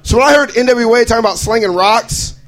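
A man's voice: very high-pitched, quick pace, fairly bright tone, low-quality recording. A young adult man from Idaho performing a stand-up comedy set, bouncing into exaggerated character voices. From Boise, Idaho.

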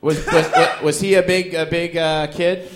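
A male stand-up comedian riffs in a loose, joking way, tossing in fillers and chuckles as he goes. His speaking voice sits a little higher than most men's. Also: little pitch movement, normal speed, noisy background. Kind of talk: comic banter and stand-up bit.

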